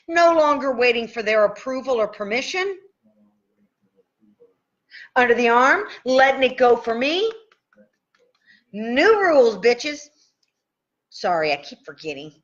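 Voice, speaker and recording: Upbeat female tapping coach with a fairly high voice, chatty, calls out the tapping points with affirmations, muffled live-stream sound. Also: fairly bright tone. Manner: repeats affirmations while naming tapping points; upbeat and chatty, swears casually.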